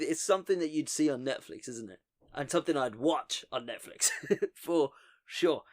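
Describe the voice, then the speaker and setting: A man's voice: a little high, lively intonation, moderate pace. A man hosting a podcast, telling a story in a casual, joking way and often laughing at his own asides. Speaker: podcast host.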